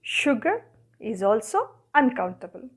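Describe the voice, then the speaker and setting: Animated high-voiced woman teaching grammar. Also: measured pace, slightly rough. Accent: Indian English. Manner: asks questions and answers them herself, counting objects aloud. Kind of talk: classroom lesson.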